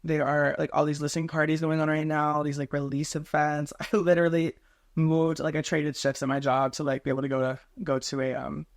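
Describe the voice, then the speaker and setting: A young man from Tennessee chatting alone in his bedroom, rambling quickly and stumbling over his words. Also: on the high side, little pitch movement, creaky. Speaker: podcast host. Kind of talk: solo casual chat to camera.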